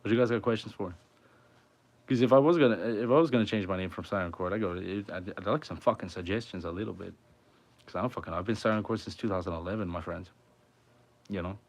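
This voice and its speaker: Male streamer-musician, deep voice, rambling, profane, off-the-cuff home chat. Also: fast. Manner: rambling, heavy swearing. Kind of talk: casual livestream chat. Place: his home.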